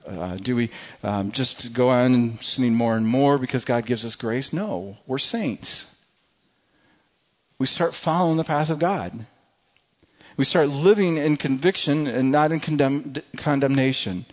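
A man's voice: mid-range voice, measured pace. A man preaching a sermon with emphasis, often repeating words as he restarts. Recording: muffled lo-fi recording.

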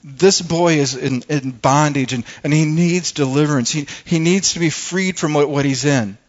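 A male pastor preaching a sermon, earnest and often repeating words as he searches for them. His voice sits a bit high for a man. The sound is dull and lo-fi. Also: normal speed. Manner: earnest, stammering repetitions.

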